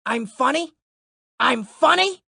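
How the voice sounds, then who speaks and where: A hammy, mock-menacing Italian gangster voice with a fake Italian-American accent. It sits much higher than the narrator's deep tone and keeps needling the listener. The audiobook sound is dry and close. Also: male voice, expressive, slow pace, vocal fry, pushed and bright, husky, no echo, heavily acted. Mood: mock menace. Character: man doing a cheesy Italian gangster impression.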